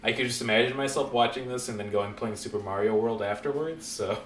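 A man hosting a casual podcast, chatting in an animated, jokey way and laughing often. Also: medium pitch, a little fast, a crowd in the background. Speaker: podcast host. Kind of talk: casual chat. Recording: roomy echo, faint background noise.

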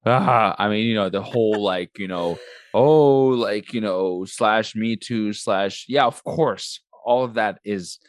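A man co-hosting a podcast in loose, casual chat. His voice sits somewhat low, and the sound is dry and close. He rambles and trips over his own restarts, blunt and profane. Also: takes it slowly, no room sound. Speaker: podcast co-host.

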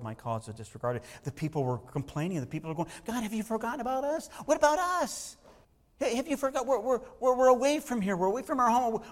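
Man preaching, emphatic, repeats words, long hall reverb. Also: medium pitch. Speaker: pastor. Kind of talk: sermon.

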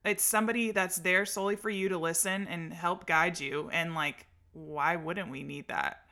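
A woman's voice: lowish voice, fairly even intonation, moderate pace, bright, forceful tone. A woman in her thirties hosting a podcast, enthusiastic and affirming in casual chat. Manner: enthusiastic, affirming, many fillers. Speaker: podcast host.

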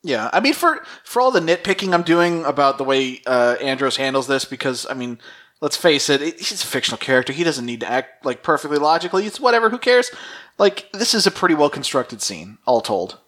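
A man with a fairly high voice picks apart a TV plot on a podcast. He reasons aloud in a wry, casual way, nitpicking the story's logic. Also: sing-song, brisk, a bit bright. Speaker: podcast co-host. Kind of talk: casual episode recap chat.

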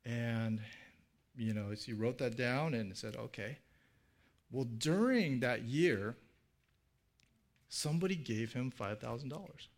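A man's voice: mid-range voice, takes it slowly, long pauses. A middle-aged man preaching a sermon in a casual storytelling way, full of fillers and restarts, lifting his voice for the people he quotes. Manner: acts out quoted speech in a livelier voice. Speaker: pastor.

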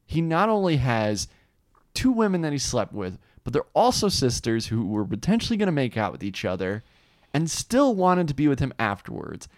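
A man co-hosting a casual chat, telling stories in an animated, ranting way. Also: medium pitch, moderate pace, no echo, clean studio sound.

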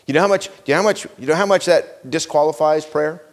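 A man preaching a sermon, earnest and pleading, who pushes his listeners with repeated questions and swings between hushed intensity and raised urgency. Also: on the high side, quick pace, big-room sound. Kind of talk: sermon, teaching from scripture.

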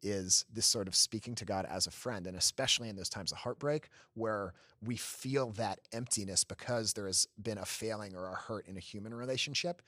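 A man's voice: lowish voice, brisk, hardly any pauses, pushed and bright, no echo, clean studio sound. Earnest chatty male podcast host. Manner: earnest, restarts often, laughs easily. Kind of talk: casual faith conversation.

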